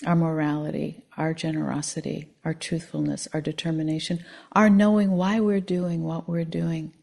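Soft-spoken woman giving a dharma talk. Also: deep voice, little pitch movement, creaky. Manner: soft, slow and contemplative, at times near a whisper. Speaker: meditation teacher.

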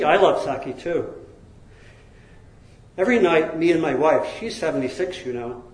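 A tiny old man in his seventies chats in an easy, delighted way, as a man puts him on. His voice rises somewhat high and friendly. The room adds a roomy echo. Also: a little mellow, close to an everyday voice. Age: 70s.

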